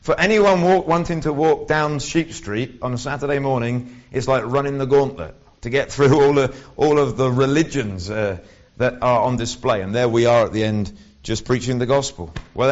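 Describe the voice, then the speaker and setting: A man preaching a sermon in a conversational way, with wry asides and frequent restarts. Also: mid-range voice. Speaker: lay preacher. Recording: dull lo-fi recording.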